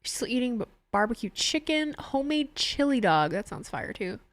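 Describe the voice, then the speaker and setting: A woman's voice: on the high side, big pitch swings, normal speed, no echo. Chatty young woman streamer, dry mic. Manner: chatty, laughs often, reads out chat messages. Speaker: streamer watching a wrestling show. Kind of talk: casual live-stream chat with viewers.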